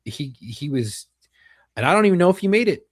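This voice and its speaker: A man, a retired police officer, talking candidly as a podcast guest, halting and repeating himself, swearing casually. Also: fairly high pitch, very animated, breathy edge.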